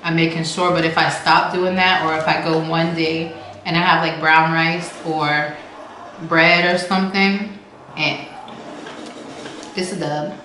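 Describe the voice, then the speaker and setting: A woman's voice: sits low, level tone, a little slow, long pauses, bright, forceful tone. A woman host chatting casually and playfully while eating, with features, recorded on a camera mic from far away. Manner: laid-back, chatty, playful. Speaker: vlogger host. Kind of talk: casual mukbang chat. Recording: echoey room, camera far away, noisy.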